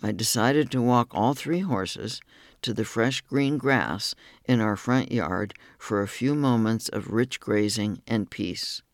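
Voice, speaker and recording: A man reading a personal essay aloud as scripted narration, in a steady, earnest manner. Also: fairly low pitch, slow pace, no room sound, clean studio sound.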